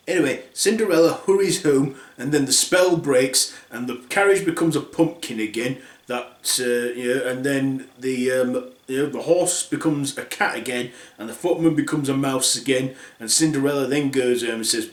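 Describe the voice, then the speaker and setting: A man's voice: medium pitch, moderate pace. A man retelling a fairy tale for laughs, rambling and offhand, in an echoey room. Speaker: storyteller.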